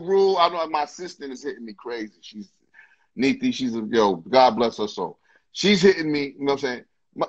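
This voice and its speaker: A man guest telling a story on a livestream video call, animated and swearing, repeating phrases as he goes. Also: sits high, muffled recording. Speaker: interview guest. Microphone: phone earbuds on a video call.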